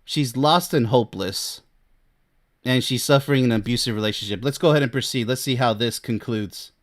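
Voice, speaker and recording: A man's voice: mid-range voice, brisk. A man working as a relationship coach, giving emphatic advice on a reader's letter, firing rhetorical questions and laughing in disbelief.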